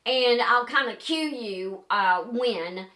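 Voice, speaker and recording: An older woman, a paranormal investigator, telling a story to the camera in a chatty, lively way with many fillers. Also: a little high, slow pace, reverberant.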